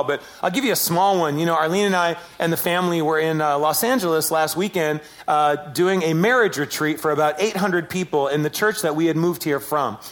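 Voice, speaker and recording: A man preaching a sermon, telling stories with animated, self-deprecating humor. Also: a little high. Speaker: pastor.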